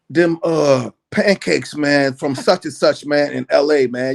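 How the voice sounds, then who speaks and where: Producer guest, slightly high voice, easygoing storyteller, keeps saying man. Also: normal speed, creaky, hardly any pauses. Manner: laid-back, says "man" constantly, animated retelling. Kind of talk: casual storytelling interview.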